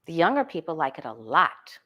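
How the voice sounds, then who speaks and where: A woman's voice: low-pitched, very animated, brisk, dull audio. Woman tarot reader, casual solo talk, muses aloud, self-questioning, frequent restarts.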